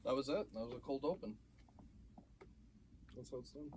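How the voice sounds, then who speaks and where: A man in his twenties co-hosting a podcast in a basement studio, telling stories in an animated way and quoting others. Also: mid-range voice, moderate pace, a little hiss or hum. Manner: animated storyteller, quotes others. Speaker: podcast co-host. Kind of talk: casual chat.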